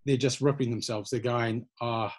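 A man's voice: mid-range voice, brisk, a little mellow, husky. A man, a personal trainer from New Zealand, giving easygoing, encouraging answers in an interview. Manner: encouraging, easygoing, many fillers.

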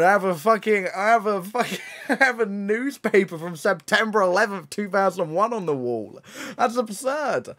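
A young man, live-streaming and teasing viewers in excitable, joking banter. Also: high-pitched, normal speed. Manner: teasing, excitable, swears and laughs often. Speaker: livestreamer. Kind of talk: casual live-stream commentary.

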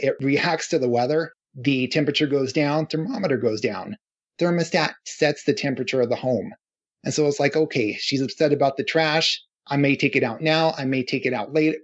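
A man with a husky voice, a guest on a podcast, explains his ideas earnestly and leans on simple analogies. His mid-pitched voice comes through a dull, muffled line. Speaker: podcast guest, relationship author. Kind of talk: podcast interview.

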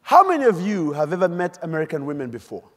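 A middle-aged man from Uganda, giving an animated, storytelling keynote speech on a stage mic in a large conference hall and quizzing the audience. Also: on the high side, quick pace. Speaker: keynote speaker. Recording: echoey hall.

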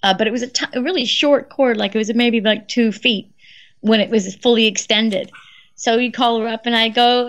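A woman's voice: a little high, steady tone, normal speed. Chatty, laughing woman guest. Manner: chatty, laughs often, storytelling. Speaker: guest voice actress. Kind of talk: casual chat.

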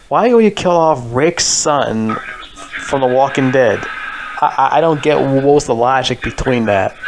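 A man's voice: medium pitch, slight background noise. A man ranting in a casual vlog, heated and frustrated, swearing a lot and leaning on filler words. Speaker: vlogger. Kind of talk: casual rant about a TV show.

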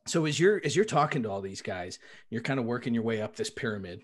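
A man's voice: mid-range voice, animated, fast talker. A man hosting a podcast, asking the guest long, wandering questions while he searches for the right words. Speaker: podcast host. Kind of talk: casual interview questions.

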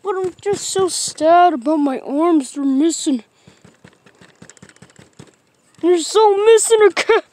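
A woman's voice: very high voice, animated, a little slow, a little mellow, no echo. A woman voicing a sad armless puppet boy who whines and sings about his troubles in a puppet play. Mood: mopey. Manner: whiny, mopey, sing-song.

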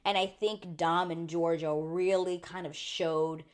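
A woman recapping a reality show in casual chat, animated and laughing, slipping into quick voices when quoting people. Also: on the low side. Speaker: TV recap host.

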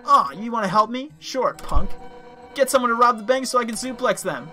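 A man voicing a loud, brash female monster police officer in a video game, shouting and tough-talking. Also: very high-pitched, animated, brisk, soft background music, pitched above the performer's own voice, heavily acted. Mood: gruff.

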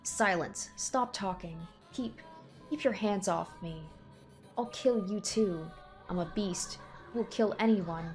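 A woman voicing a tormented young man who calls himself a beast, speaking in anguished, halting bursts and repeating himself. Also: mid-range voice, faint music behind, lightly acted. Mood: frantic.

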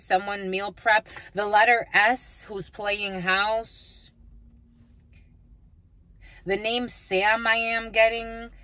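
A woman's voice: a little high, a bit bright, no echo. A woman gives a spiritual reading to her viewers in a blunt, rambling way, swearing freely and calling them "my lovies.". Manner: rambling, with frequent restarts. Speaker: spiritual reader. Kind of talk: off-the-cuff psychic reading to viewers.

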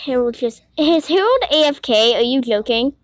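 A woman giving casual commentary while playing an online game, excitable, giggly and quick to get frustrated, talking to herself. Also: high-pitched, no room sound. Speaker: gamer playing a Roblox game. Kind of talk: casual let's-play commentary.

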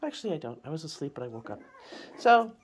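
A woman's voice: deep voice, very animated, fast talker, a little hiss or hum. A woman breeder narrating a casual vlog, switching between plain explanation and sing-song baby talk to her puppies. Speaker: dog breeder.

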